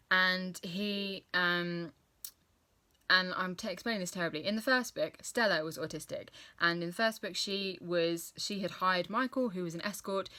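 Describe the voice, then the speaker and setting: Young woman, book vlogger, casual and gushing, bright edge, lowish voice. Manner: chatty, enthusiastic, self-correcting. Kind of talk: casual book review chat.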